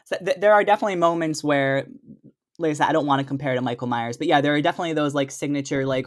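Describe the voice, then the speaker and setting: A man guest-hosting a podcast, chatting about a horror film with lots of halting restarts. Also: medium pitch. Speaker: guest co-host. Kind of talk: casual movie chat.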